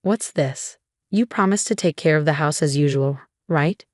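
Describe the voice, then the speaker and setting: A woman reading the part of a cold, controlling husband who talks down to his wife. The voice sits a bit low and sounds dry and close, with no room around it. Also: normal speed, a little mellow, no room sound. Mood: cold, demanding.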